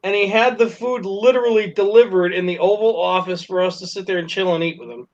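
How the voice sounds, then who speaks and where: A man's voice: sits high, fairly even intonation, brisk. A man telling a story casually to friends, laughing, swearing and acting out the quotes. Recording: dull lo-fi recording with faint noise.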